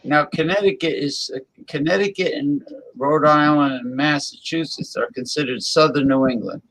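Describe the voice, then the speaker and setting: Rambling talk-show man, somewhat high voice. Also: moderate pace, a bit bright, rough recording. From New Jersey. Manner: rambling, with many fillers and restarts. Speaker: co-host. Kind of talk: casual chat.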